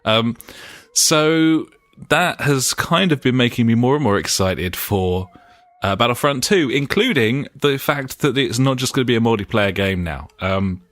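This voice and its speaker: A British man co-hosting a casual gaming podcast. His pitch swings in a lively, animated way as he jokes and chats. He laughs easily and keeps the banter rolling. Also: a little slow, no room sound. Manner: chatty, laughs often, jokey segment intros. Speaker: podcast co-host.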